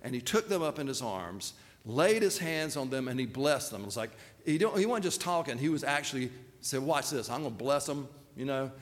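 Male pastor, sermon, conversational, animated pitch, long hall reverb. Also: brisk. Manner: conversational, with many fillers and restarts.

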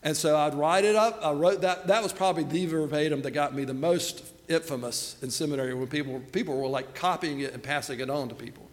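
A man's voice: a little high, fast, few pauses. A middle-aged man telling a self-deprecating story in a sermon. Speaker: pastor. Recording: long hall reverb.

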